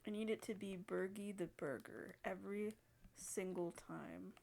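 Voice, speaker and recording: A woman's voice: mid-range voice, steady tone, unhurried, gravelly, a little mellow, slight background noise. A woman giving casual gameplay commentary, thinking aloud and hesitating as she sets up a character. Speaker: gaming video creator.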